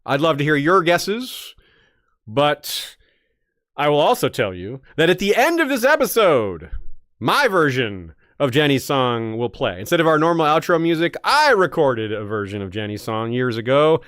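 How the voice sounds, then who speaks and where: A man co-hosting a podcast, discussing story lore in a casual, animated way and teasing his co-host with frequent laughter. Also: a little high, moderate pace, no echo, studio quality.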